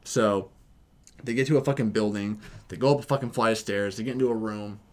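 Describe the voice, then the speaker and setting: A young man co-hosting a casual movie review, excitedly retelling the plot with a lot of swearing. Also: fairly low pitch, fairly quick. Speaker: podcast co-host.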